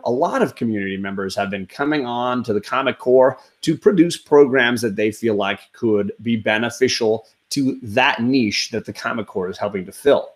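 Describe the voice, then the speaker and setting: A man hosting a casual comics live stream, chatting loosely and greeting viewers in the chat. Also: medium pitch. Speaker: comics channel host.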